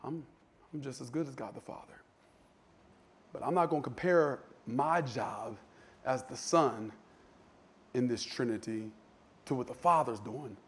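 A male preacher voicing Jesus as a gentle, calm teacher who speaks softly and folksily. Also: mid-range voice, measured pace, long pauses, pitched below the performer's own voice, natural voice.

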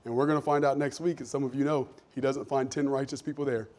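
A pastor preaching a sermon, conversational at first and building to loud, emphatic questions. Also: male voice, mid-range voice, steady tone, fast.

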